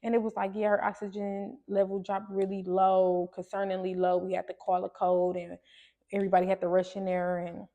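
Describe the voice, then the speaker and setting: Gravelly-voiced woman telling a personal story. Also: mid-range voice, flat delivery, fairly quick, narrow, tinny audio. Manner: conversational, many fillers and restarts. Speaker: podcast host.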